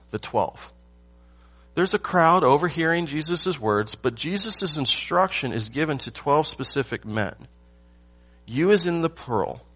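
A male pastor gives a morning sermon, his middle-pitched voice a bit bright. He stresses key phrases, lets pauses add weight, and asks his congregation rhetorical questions.

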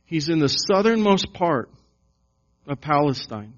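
A man preaching a sermon to his congregation, slow and emphatic, with repeated questions. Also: on the high side, big pitch swings. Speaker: pastor. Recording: dull lo-fi sound.

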